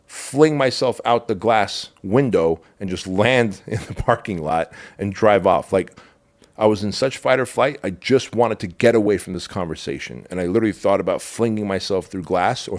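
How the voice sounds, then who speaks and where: A man's voice: fairly low pitch, normal speed. A middle-aged man telling a personal story as a podcast guest, raw and emotional, swearing and calling the listener bro.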